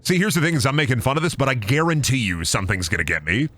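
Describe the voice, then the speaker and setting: A man's voice: medium pitch, fast, dry recording. A young man rambling and joking as he streams a game. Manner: rambling, jokey, animated. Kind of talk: casual let's-play commentary.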